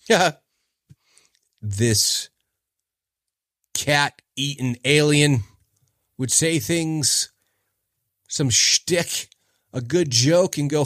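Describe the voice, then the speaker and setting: Lively low-voiced man rambling on a podcast. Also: takes it slowly, pauses often, no echo, studio quality. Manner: rambling, chatty, trails off searching for names. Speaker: podcast host. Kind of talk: casual solo podcast chat.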